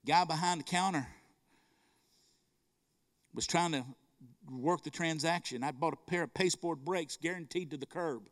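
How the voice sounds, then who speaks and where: Fervent high-voiced preacher. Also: male voice, normal speed, pauses often. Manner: fervent storytelling, calls to the congregation. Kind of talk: sermon.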